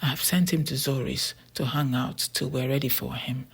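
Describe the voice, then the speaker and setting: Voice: mid-range voice, steady tone, normal speed, vocal fry, husky. An audiobook narrator voicing a boy genius who explains things in a matter-of-fact way. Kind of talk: storybook character voice.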